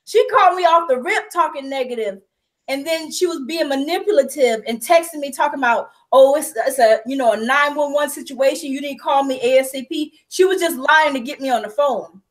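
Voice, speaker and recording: A young woman with a high voice speaks through tears in a heartfelt personal conversation. Her voice keeps breaking as she talks, yet she keeps going. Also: a little fast, poor audio. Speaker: host.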